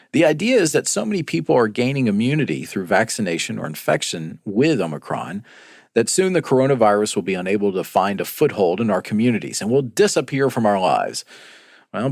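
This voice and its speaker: A man co-hosting a news podcast, walking listeners through stories in an unhurried, explanatory way, often pausing on "uh." His voice sits a little low. The sound is dry and close to the mic. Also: husky, no room sound. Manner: measured, explanatory, frequent "uh" fillers. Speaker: podcast co-host. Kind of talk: casual news discussion.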